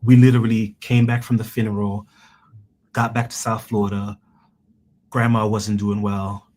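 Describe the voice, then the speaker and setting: Jamaica-born guy, low steady voice, lots of restarts, faint hiss behind. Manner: halting, restarts often, earnest. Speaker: guest researcher. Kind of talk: interview, personal story.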